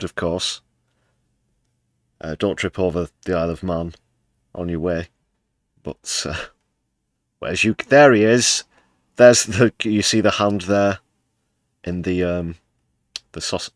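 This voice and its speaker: A man's voice: deep voice, steady tone, unhurried, long pauses, dry recording, clean studio sound. A British man hosting a livestream, giving sarcastic, sweary commentary on the news and laughing at clips. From United Kingdom. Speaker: livestream host.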